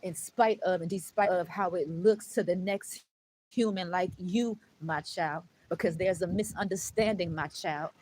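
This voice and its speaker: A woman voicing God as a calm, fatherly presence who soothes and repeats "my child" after every phrase. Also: on the low side, unhurried, poor audio. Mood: reassuring.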